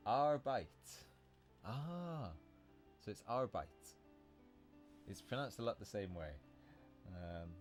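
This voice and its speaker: A man hosting a casual livestream, explaining English vocabulary in a chatty way, often correcting himself and laughing at his own slips. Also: mid-range voice.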